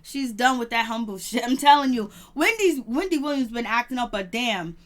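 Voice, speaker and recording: A woman reviewing reality TV in casual chat, animated, laughing often and mimicking the people she talks about. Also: a little high, normal speed.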